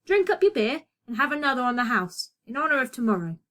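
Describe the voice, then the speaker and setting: A woman's voice: high-pitched, big pitch swings, quick pace, bright, forceful tone, exaggerated voice. A woman voicing a genial male innkeeper in a storybook read-aloud, speaking in a knowing way.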